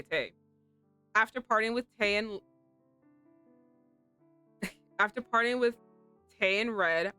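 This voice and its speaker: A woman streaming a visual novel, gushing excitably over the characters and laughing often. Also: mid-range voice, clear, resonant tone. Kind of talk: live let's play commentary.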